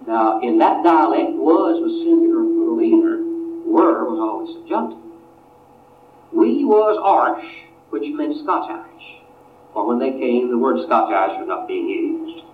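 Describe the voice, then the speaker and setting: A man giving a history lecture, unhurried and often restarting his phrases. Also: medium pitch, very animated, a little hiss or hum. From Appalachia. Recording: tinny, distant, roomy lecture recording.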